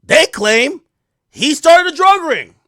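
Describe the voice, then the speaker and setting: A man hosting a live stream, telling a story in a profane, excitable way that swings from loud outbursts to low mutters. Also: takes it slowly, dry recording, studio quality. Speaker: streamer host.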